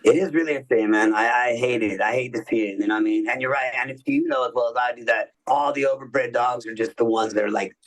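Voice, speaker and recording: A man's voice: mid-range voice, fast talker, few pauses, distant mic, poor audio. A man guesting on a podcast, chatting in a laid-back, slangy way and laughing often. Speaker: guest musician. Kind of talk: casual podcast interview chat.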